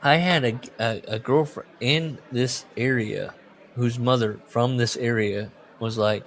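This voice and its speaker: A man's voice: medium pitch, fairly even intonation, a little slow. A man with a plain Midwestern accent chats loosely as a podcast host. He circles around his questions, stops mid-thought and laughs between remarks. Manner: rambling, restarts thoughts, laughs often. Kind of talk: casual chat.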